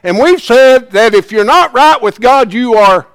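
Man, Bible class teacher, folksy and plain-spoken, slow deliberate delivery, dry close sound. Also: extremely high pitch, clear, resonant tone, dry recording. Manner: animated, swings from hushed asides to loud emphasis.

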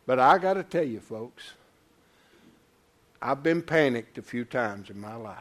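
An older man preaching a sermon, telling a folksy story and swinging from low murmurs to loud high exclamations. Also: animated, a little slow. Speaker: pastor.

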